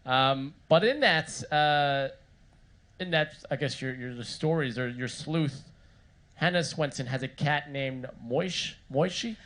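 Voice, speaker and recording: A man moderates an author's question session in front of a live audience. He feels his way into each question, pausing on fillers and restarting his phrases. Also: fairly high pitch, a bit bright. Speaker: event moderator. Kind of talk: interview questions. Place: live Q&A event before an audience.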